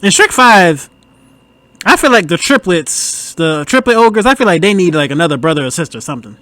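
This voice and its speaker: A man talking through a film on his podcast in a relaxed, slangy way. His voice sits fairly high and swings widely in pitch. He breaks into laughs often between remarks. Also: a little fast, no room sound. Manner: laid-back, laughs often, loose slangy asides. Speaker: podcast host. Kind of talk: casual movie commentary.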